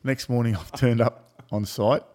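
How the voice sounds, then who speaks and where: A man's voice: medium pitch, fairly even intonation, moderate pace, dark tone. A middle-aged man, telling a crude story in casual banter and laughing as he goes. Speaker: podcast co-host.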